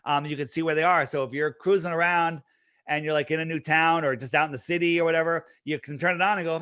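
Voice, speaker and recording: Energetic man with a higher voice. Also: fast talker, clear, resonant tone, no room sound, studio quality. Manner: energetic, emphatic, with frequent restarts and fillers. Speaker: interview guest. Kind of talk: casual promotional talk.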